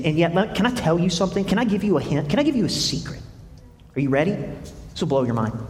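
High-voiced preacher in a reverberant hall. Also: male voice. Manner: reads scripture aloud, asks the congregation questions. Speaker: pastor. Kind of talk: sermon.

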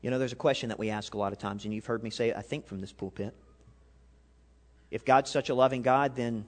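A male pastor preaching a sermon, animated, swinging between loud and quiet and asking the congregation questions. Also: medium pitch, fast. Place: church sanctuary. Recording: long hall reverb.

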